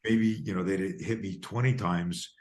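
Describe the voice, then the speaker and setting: A man's voice: low voice, moderate pace. A man in his fifties from Canada, telling stories emphatically as a podcast guest and self-defense coach. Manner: emphatic, animated storyteller. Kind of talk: podcast interview storytelling.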